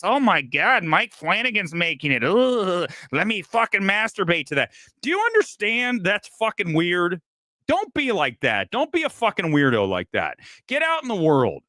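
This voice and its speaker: A man hosts a movie news show in a loose, profane rant, full of sarcasm. His voice sits a little high and swings widely in pitch. The sound is dry and close to the mic. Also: pushed and bright, no room sound. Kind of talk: casual ranting commentary.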